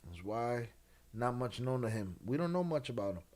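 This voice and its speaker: Man, livestream host, relaxed, slangy, reading chat, shout-outs, mid-pitched voice. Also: normal speed. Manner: laid-back, reads and answers chat with shout-outs, slang-heavy. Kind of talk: casual late-night livestream chat.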